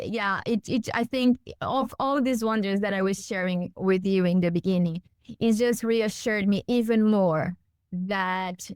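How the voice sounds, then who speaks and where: A woman's voice: medium pitch, clear, resonant tone, dry recording. A woman guest on a podcast, speaking earnestly and emphatically, building her points with repeated phrases. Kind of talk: heartfelt conversational podcast talk.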